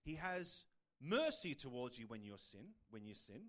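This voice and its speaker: A man's voice: mid-range voice, very animated, moderate pace, fairly bright tone. A man preaching a sermon in a conversational style, asking the listeners rhetorical questions. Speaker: pastor.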